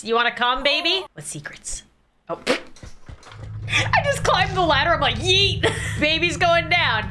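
A young woman gaming YouTuber giving excitable, giggly let's play commentary while talking to a baby character. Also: on the high side.

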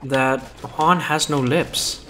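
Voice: medium pitch, steady tone, takes it slowly, fairly bright tone, a little hiss or hum. A co-host of a gaming channel chatting casually through a let's play, joking and laughing often. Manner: playful, laughs often, jokey bits.

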